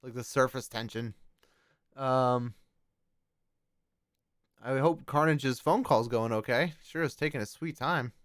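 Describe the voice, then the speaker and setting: An excitable man co-hosting a casual podcast, reading posts aloud and reacting with quick exclamations. His voice sounds smooth and clear, mid-pitched, recorded close and dry. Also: no room sound. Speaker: podcast co-host.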